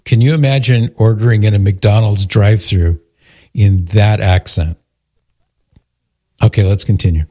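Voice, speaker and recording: Brief: man, talk radio host, lower pitch, casual joking banter. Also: steady tone, moderate pace, pauses often, warm tone, slightly rough. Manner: joking, teasing.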